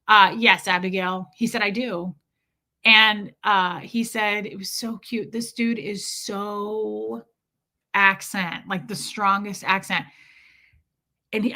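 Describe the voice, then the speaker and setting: A woman's voice: medium pitch, normal speed. A woman hosting a casual livestream, telling a story while thanking her viewers between sentences. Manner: chatty, thanks viewers mid-story, animated retelling. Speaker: livestream host.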